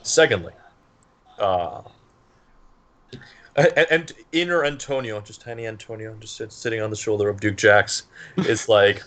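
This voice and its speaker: A man's voice: fairly low pitch, unhurried, long pauses, a bit bright. A man playing a tabletop game, rambling and laughing as he explains his character. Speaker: player. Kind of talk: tabletop game play, casual chat.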